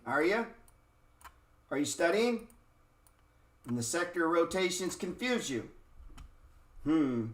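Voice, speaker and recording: A man's voice: a little high, a bit bright. A man giving a casual, blunt market lesson over a screen share, swearing often and firing rhetorical questions at viewers. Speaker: trading educator. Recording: roomy echo.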